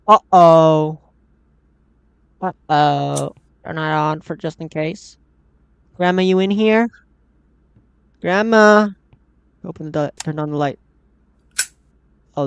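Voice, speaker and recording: A man's voice: fairly high pitch, dry recording. Jumpy man with a cracking voice. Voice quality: voice cracks upward often. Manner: jumpy, talks to himself and the game characters. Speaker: gaming channel host. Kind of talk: casual horror gameplay commentary. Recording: slightly dull lo-fi mic.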